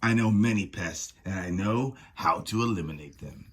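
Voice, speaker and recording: A man's voice: low voice, normal speed, a bit bright, breathy edge. A man reading the lines of a determined female sorceress hero, stern and threatening. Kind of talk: reading comic dialogue aloud.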